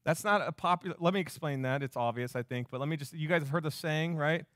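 Man, pastor, high voice, emphatic sermon delivery, dry close sound. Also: quick pace, a bit bright, no room sound. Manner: emphatic, repeating phrases for effect.

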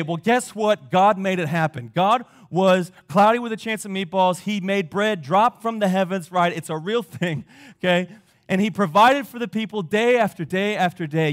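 A high-pitched male pastor preaching a sermon. He speaks with emphasis, throws rhetorical questions at the listeners, and swings between loud and quiet passages.

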